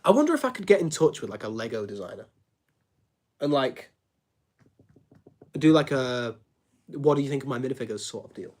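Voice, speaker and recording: A man's voice: medium pitch, very animated, brisk, long pauses, darkish tone. A man chatting casually on a live stream, answering viewers, joking and laughing often and filling his sentences with "like". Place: home studio room.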